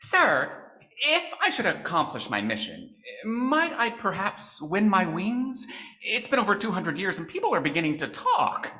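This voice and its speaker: A woman's voice: medium pitch, big pitch swings, normal speed, bright, forceful tone. A woman voicing a fussy, flustered elderly male angel in an old-time radio play. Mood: eager.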